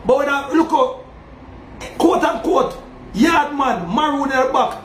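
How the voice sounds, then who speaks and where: A man with a Jamaican accent, calling himself a Maroon chief, delivers an emphatic preaching monologue and keeps asking if the audience understands. His voice is extremely high, fairly bright and lively in intonation, at a slightly slow pace. There's a roomy echo and faint ambient noise.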